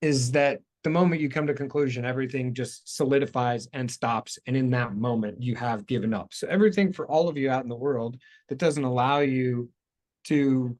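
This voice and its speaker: A man's voice: mid-range voice, moderate pace, a little mellow. A man hosting a talk show, explaining ideas in a rambling, self-correcting way. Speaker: show host. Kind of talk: casual talk show chat.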